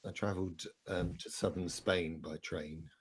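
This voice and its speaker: A man talking hesitantly and relaxed about travel in an online group chat over a video call. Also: sits low, breathy edge. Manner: hesitant, relaxed, many pauses. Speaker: guest.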